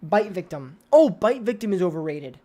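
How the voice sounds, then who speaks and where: A woman's voice: on the low side, big pitch swings, moderate pace, warm tone. A woman hosting a casual livestream. She reacts to viewer comments, talks straight to chat and often repeats her words. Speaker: livestream host.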